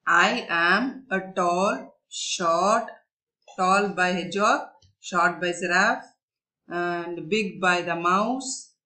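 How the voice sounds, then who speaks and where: A woman voicing a polite little girl in a storybook lesson, reciting a list of words slowly and with emphasis. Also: fairly low pitch, pushed and bright, exaggerated voice. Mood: earnest.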